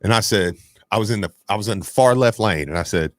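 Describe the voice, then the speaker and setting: A man co-hosting a sports radio show tells a story in casual chat, animated and laughing often. He has a lowish voice, talks fast, and there's no room sound.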